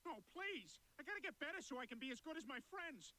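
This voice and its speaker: An actor playing a bumbling, dim-witted middle-aged cartoon dad who rambles in a goofy, self-pitying way. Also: male voice, very high-pitched, expressive, quick pace, bright, forceful tone, heavily acted. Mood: eager.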